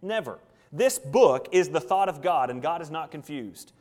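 A man pastor preaching with emphasis and rhetorical questions. His voice sits a little high for a man, and he leans hard on key words. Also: expressive, moderate pace, darkish tone. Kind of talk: sermon.

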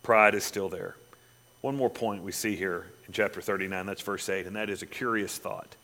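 Preacher guy with a bright edge, gets loud on the scripture then goes real quiet. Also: low-pitched, steady tone, moderate pace. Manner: dramatic, swinging from loud emphatic reading to quiet asides. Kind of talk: sermon.

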